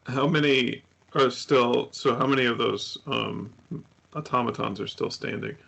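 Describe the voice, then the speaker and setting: Man, tabletop player, gravelly, bright, tense, short dry replies. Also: medium pitch, unhurried, lo-fi sound. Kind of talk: casual tabletop play.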